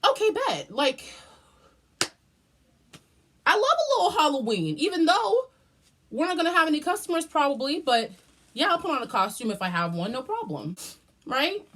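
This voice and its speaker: A woman vlogger telling a story in a casual, profane and dramatic way, jumping up and down in pitch. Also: moderate pace, pauses often. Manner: animated, profane and dramatic, with big jumps in pitch.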